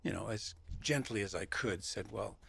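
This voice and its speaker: A man being interviewed as an actor, telling stories in a lively, reflective way. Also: lowish voice, moderate pace, vocal fry, background noise. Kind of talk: reflective conversational storytelling.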